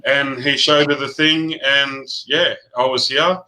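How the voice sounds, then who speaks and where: Bright-voiced man telling a story. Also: medium pitch, fairly even intonation, poor audio. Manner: earnest, halting, with frequent restarts. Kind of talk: personal storytelling in casual chat.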